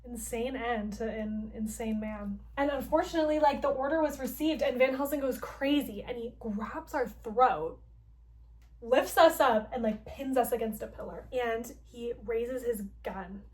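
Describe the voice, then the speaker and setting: A young woman with a fairly high voice recaps a story-driven game for her channel. She talks in a chatty, playful rush and leans on "like" constantly. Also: measured pace. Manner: chatty, heavy use of "like", playful and expressive. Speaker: gaming vlogger.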